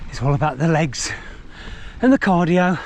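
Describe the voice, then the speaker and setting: A man rambling cheerfully through a ride review out on countryside trails, meandering and self-deprecating. His voice sits slightly higher than most men's. A faint outdoor hum sits behind him. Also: animated, normal speed. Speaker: vlogger reviewing a mountain bike.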